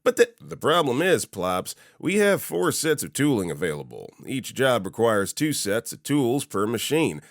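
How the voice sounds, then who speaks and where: A man's voice: medium pitch, very animated, normal speed, hardly any pauses, no room sound, clean studio sound. A man voicing a veteran male factory worker who answers in a patient, mocking way. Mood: patiently mocking.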